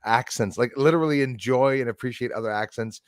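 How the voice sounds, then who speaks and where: A man's voice: mid-range voice, fairly quick, no room sound, clean studio sound. Easygoing man hosting a live stream. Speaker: channel host. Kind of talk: casual live-stream chat.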